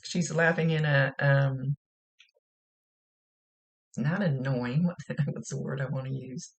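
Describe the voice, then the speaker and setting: A woman's voice: rumbling low, steady tone, takes it slowly. A woman working as a psychic medium, giving a rambling, chatty reading and often laughing. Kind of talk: casual spoken reading.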